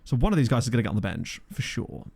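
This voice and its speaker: A man's voice: medium pitch, sing-song, rapid-fire, creaky, darkish tone, husky. Chatty Englishman thinking aloud. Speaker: gaming video creator. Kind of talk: casual gameplay commentary. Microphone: desktop USB microphone.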